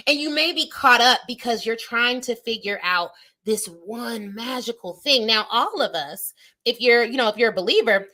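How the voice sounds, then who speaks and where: A woman's voice: fairly high pitch, lively intonation, moderate pace, pushed and bright. A woman in her thirties hosting a live-stream motivational talk, speaking emphatically and straight to her viewers in a preacher-like way. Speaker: business coach and show host. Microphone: phone or webcam on a live stream.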